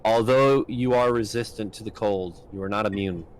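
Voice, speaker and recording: Low-voiced man running a tabletop game. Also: moderate pace, low-quality recording. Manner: casual, with frequent ums and likes. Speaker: game master.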